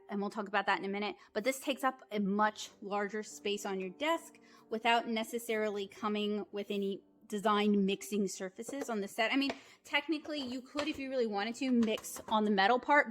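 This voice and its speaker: A woman giving a casual, chatty art supply review, frank with her opinions and quick to laugh a little. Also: a little high, fairly bright tone.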